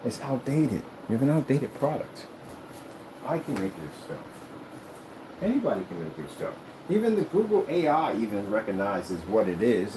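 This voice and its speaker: A man's voice: fairly low pitch, background noise. A man who makes screens and rants while he works, talking in a boastful, rambling, mocking way. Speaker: screen maker. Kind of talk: ranting vlog while working.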